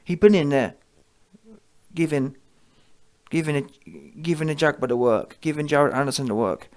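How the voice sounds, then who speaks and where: Brash male boxing commentator, slangy and opinionated, voice sitting a bit high. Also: normal speed, a little mellow. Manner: brash, slangy, keeps asking "yeah?".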